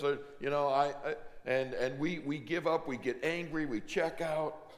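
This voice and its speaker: A man's voice: on the high side, steady tone, unhurried. A middle-aged male pastor preaching a sermon in a church, telling stories in a conversational way and acting out the voices of the people in them. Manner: conversational storytelling, acts out quoted voices. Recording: long hall reverb.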